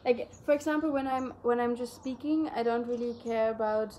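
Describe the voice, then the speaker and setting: Young German-native woman, slightly high voice, loose rambling chat, faint noise behind. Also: fairly quick, mellow. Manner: rambling, many fillers. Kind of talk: casual chat.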